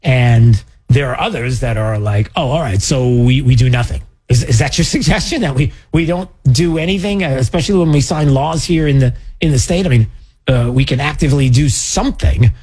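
A man hosts a radio talk show, chatting casually with a sarcastic edge and now and then slipping into mocking high voices. His delivery is animated and brisk, a little mellow, and slightly rough.

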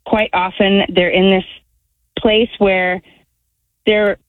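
A woman calling in to a radio show, speaking slowly and haltingly. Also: medium pitch, level tone. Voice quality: slow, halting speech. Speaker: caller. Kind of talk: call-in radio chat. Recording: tinny phone line.

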